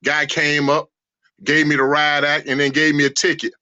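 A middle-aged man from St. Louis telling animated family stories in a casual roundtable, acting out voices as he goes. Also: moderate pace, no echo. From St. Louis, USA. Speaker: roundtable participant. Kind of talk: casual storytelling among family. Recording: dull low-fidelity dry sound.

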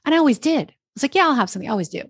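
A woman from New Jersey telling her story as a podcast guest, chatty and animated, acting out her own thoughts in quotes. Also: on the high side, very fast, gravelly, husky, dry recording, clean studio sound. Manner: chatty, animated, lots of quoted self-talk. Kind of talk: casual interview storytelling. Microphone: podcast microphone.

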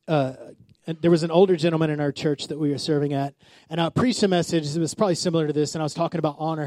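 High-voiced preaching man, dry sound. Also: a little mellow, no room sound. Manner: storytelling with acted-out quotes, call-and-response. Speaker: pastor. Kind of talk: sermon.

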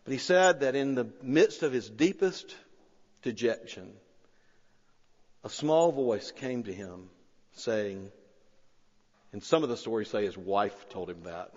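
A man preaching a sermon, telling a story with rising excitement and then pleading quietly and earnestly. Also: medium pitch, takes it slowly, long pauses. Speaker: pastor. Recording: long-reverb hall, slightly dull sound.

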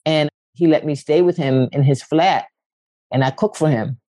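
A woman's voice: moderate pace, dry recording. A woman from West Philadelphia, a poet and actress, telling stories candidly as a guest and acting out quotes with big leaps in her voice. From West Philadelphia, USA. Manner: animated, acts out quotes with big pitch leaps, casual swearing. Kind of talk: candid storytelling conversation.

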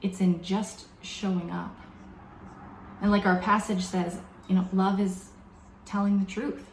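A woman preaching a sermon in a reflective, measured way, slowing down to stress key words. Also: mid-range voice, flat delivery, a little hiss or hum. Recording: echoey room with faint background ambience.

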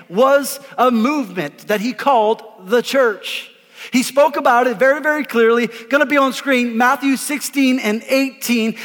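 A man, a pastor preaching an energetic sermon, emphatic and repeating words as he calls on the congregation to answer. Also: very high voice. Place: church auditorium before a congregation. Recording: live in a reverberant hall.

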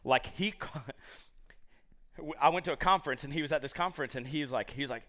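Preaching to a live congregation, a man tells animated, joking stories peppered with asides. He speaks briskly at a medium pitch.

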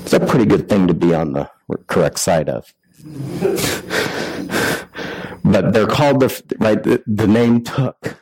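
A man's voice: fairly low pitch, normal speed, hardly any pauses, a little mellow, no room sound, rough recording. A man preaching a sermon in a conversational way, full of rhetorical questions and restarts. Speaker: pastor.

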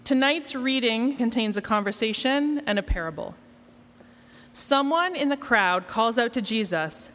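Woman, sermon, wry and conversational, slightly high voice, long church reverb. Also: animated, a little slow, a bit bright. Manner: conversational, wry, self-deprecating. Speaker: preacher.

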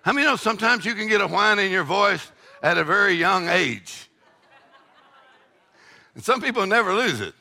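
Older pastor, gravelly bright voice, fiery call-and-response preaching. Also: male voice, sits high, animated, moderate pace, pauses often. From Texas. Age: 60s. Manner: preachy call-and-response with shouted peaks and laughing asides. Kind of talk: sermon.

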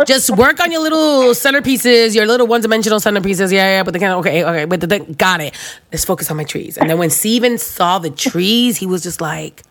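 A woman hosting a casual chat, telling stories with animated energy and acting out quotes with frequent laughter. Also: mid-range voice, fairly quick. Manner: animated, laughing storyteller who acts out quotes. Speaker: host.

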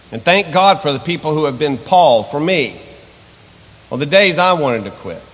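A male pastor delivers a sermon in a church, building intensity through repeated rhetorical questions and lists. His voice sits a little high. A long reverb from the hall trails every phrase. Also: a bit bright. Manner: impassioned, repetitive rhetorical questions.

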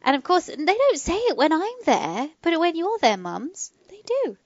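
English-accented woman, slightly American at times, lively, animated pitch, dull dry sound. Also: normal speed, dry recording. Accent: English with a slight American tinge. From England. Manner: lively, laughs often. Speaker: co-host. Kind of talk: casual chat.

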